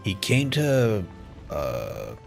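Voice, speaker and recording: A man giving casual live-stream commentary as streamer, excitable, swearing freely and chuckling often. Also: lowish voice, extremely slow, vocal fry, faint music behind.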